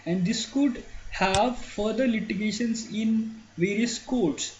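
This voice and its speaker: Brief: male tutor, high voice, halting explanatory lecture, dull lo-fi recording with faint hiss. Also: a little mellow. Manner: explanatory, many fillers and restarts. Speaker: exam coaching teacher. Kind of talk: lecture on a newspaper editorial. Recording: dull lo-fi sound with faint noise.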